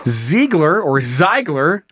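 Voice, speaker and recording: Guy cohosting a comedy podcast, laughs a lot, high lively voice, dry sound. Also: slow pace, no room sound. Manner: animated, laughing, profane storytelling. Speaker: podcast co-host. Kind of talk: casual comedic chat.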